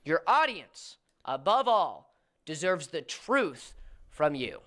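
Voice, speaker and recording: A woman's voice: low-pitched, big pitch swings, slow, fairly bright tone. A woman making a call-out video, lecturing and confrontational toward another creator.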